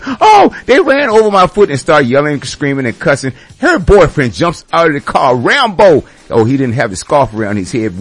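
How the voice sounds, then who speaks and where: This is a man hosting a radio segment, firing off an indignant, sarcastic rant. His voice is husky, and his pitch jumps around freely as he exclaims. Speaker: radio show host. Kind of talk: ranting commentary.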